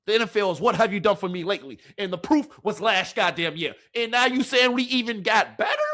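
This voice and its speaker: Brief: man, heated fan-commentary host, expressive high voice, profane rhetorical ranting. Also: fast, few pauses. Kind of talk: fan reaction rant.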